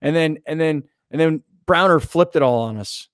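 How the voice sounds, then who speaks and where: A man hosting a sports talk radio show, telling a story with excitement and acting out what others said. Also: on the high side, moderate pace, clean tone, dry recording, clean studio sound. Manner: excited storytelling, acts out quoted lines. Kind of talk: casual show banter.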